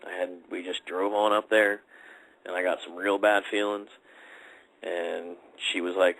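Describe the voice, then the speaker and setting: A man's voice: low voice, level tone, a little slow, fairly bright tone, poor audio. A man telling a personal story in a casual, rambling podcast chat, full of fillers and restarts. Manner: rambling, conversational, many fillers.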